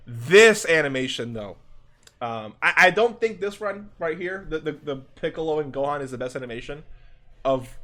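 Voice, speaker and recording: A young man giving excited reaction commentary on game animations, gushing and restarting his sentences, calling the viewer dude and bro. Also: mid-range voice. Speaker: gaming YouTuber.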